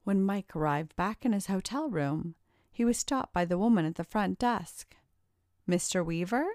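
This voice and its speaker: A woman narrating a story in a steady, measured way. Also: mid-range voice, dry recording, studio quality. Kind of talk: audiobook narration.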